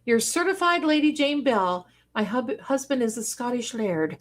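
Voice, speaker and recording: A woman hosting a casual livestream, reading viewer comments aloud and gushing over them with sudden excited exclamations. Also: fairly high pitch, normal speed. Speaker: livestream host and card reader.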